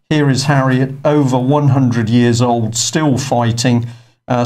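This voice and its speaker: A man's voice: medium pitch, darkish tone. A male presenter giving unscripted studio news commentary, talking conversationally with frequent hesitations.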